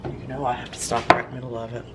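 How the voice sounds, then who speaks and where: Very low-voiced woman cooking. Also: completely flat delivery, rapid-fire, heavy background noise. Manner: chatty, folksy, gushes over food. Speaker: home cooking vlogger. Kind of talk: casual cooking chat to camera. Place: home kitchen. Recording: kitchen clatter of pots and dishes.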